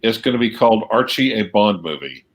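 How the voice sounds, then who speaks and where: A man's voice: on the low side, animated, a little fast. A man co-hosting a livestream, cracking jokes and reading out viewer comments. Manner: wisecracking, reading out jokey comments. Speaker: livestream co-host. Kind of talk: casual livestream banter.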